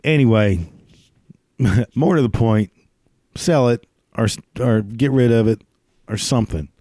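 A man's voice: medium pitch, a little slow, dark tone, dry recording, clean studio sound. A man delivering a crude, profane comedic rant, swearing constantly and laughing at his own jokes. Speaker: ranting commentator.

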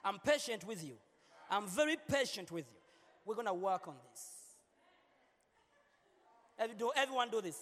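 High-voiced playful male pastor. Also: animated, moderate pace, long pauses, a bit bright. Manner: playful, joking with the congregation, repeats words. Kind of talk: sermon. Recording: long hall reverb.

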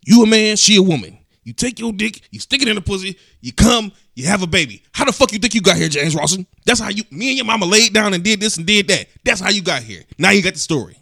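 A man doing a blunt streetwise dad laying down a crude lecture, pitched up above his own voice and pushed loud. The talk is dry and close, with no room around it. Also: big pitch swings, fast, creaky, few pauses, no room sound, full character voice. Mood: blunt lecturing. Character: blunt streetwise father giving sex talk.

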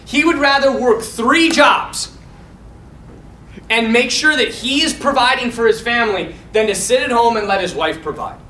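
A man with a high, bright voice teaches a Bible class in a loose, animated way, full of fillers and restarts. The room is echoey and he is some distance from the mic. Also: moderate pace, slight background noise. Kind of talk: casual teaching talk to a mixed group.

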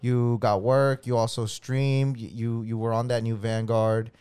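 A man's voice: mid-range voice, little pitch movement, unhurried, darkish tone, smooth. A man co-hosting a podcast in casual chat, friendly, repeating words and calling people "bro". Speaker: podcast co-host.

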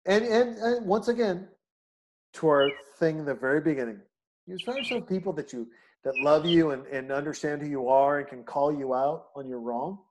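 A man's voice: a little high, lively intonation, a little fast, a little mellow. Emphatic ranting man, casual chat.

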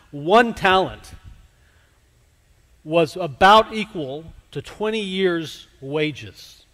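A man preaching a sermon, slow and emphatic, dropping to a hush at key words. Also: high voice. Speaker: pastor. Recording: long hall reverb.

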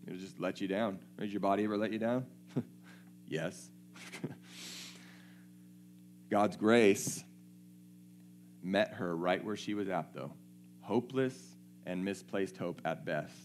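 A man's voice: deep voice, slow, pauses often, a little hiss or hum. A man preaching a sermon, reading scripture aloud and checking in with his listeners in a conversational way.

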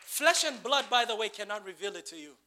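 A man's voice: high-pitched, big pitch swings, fairly quick, pushed and bright, a little hiss or hum. A man preaching a sermon, asking the congregation questions and building to emphatic bursts.

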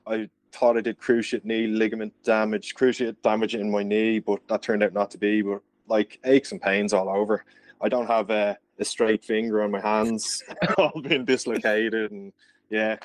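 A man's voice: lowish voice, fairly even intonation, moderate pace. An Irish man from Ireland, a podcast guest, telling stories in casual chat and laughing often. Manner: chatty storyteller, laughs often.

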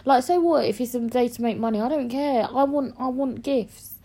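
A woman's voice: high-pitched, fairly even intonation, normal speed, warm tone. A young woman hosting a podcast, chatting casually, bluntly and animatedly, with a lot of swearing. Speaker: podcast host. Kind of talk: casual chat.

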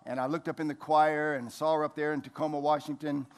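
An American man in his sixties preaches in a church hall, mixing a lively sermon with homespun jokes. His speaking voice sits a little higher than most men's. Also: quick pace, smooth. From United States. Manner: folksy, joking, lively preacher. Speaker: pastor.

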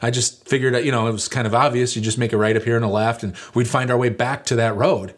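A man's voice: mid-range voice, fairly even intonation, fast, lightly acted. A man voicing a young man who confidently gives wrong directions, then sheepishly admits he is lost. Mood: rambling excuse.

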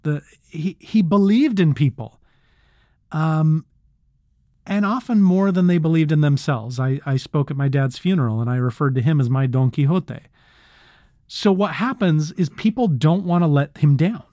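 A man hosting a leadership podcast, talking in an animated way and acting out little quotes. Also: fairly high pitch, normal speed, dry recording, clean studio sound. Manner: animated, acts out quotes, laughs easily. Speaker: podcast host.

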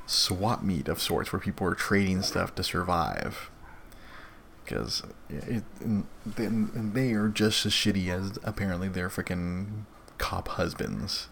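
A man's voice: lowish voice, gravelly, a little hiss or hum. A young adult man hosting a live stream, chatting casually in a rambling, profane way with many restarts. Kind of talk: casual chat.

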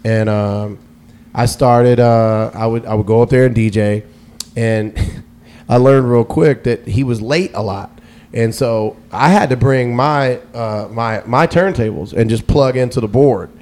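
A relaxed man talking casually with his interviewer, with a voice of ordinary pitch. He wanders through his story, doubling back on his words and laughing now and then, and he sounds at home in the conversation. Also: unhurried. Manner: rambling, restarts often, laughs easily. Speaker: guest DJ.

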